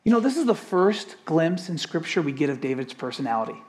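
Preacher, lively rising-and-falling delivery, emphatic, fires rhetorical questions at the congregation. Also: medium pitch, brisk, husky. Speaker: pastor. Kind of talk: sermon.

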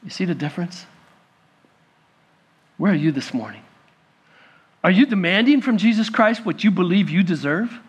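A male pastor preaching a sermon to a congregation, rising to emphatic peaks and dropping to hushed pleading. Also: high voice, lively intonation, normal speed, pauses often, husky.

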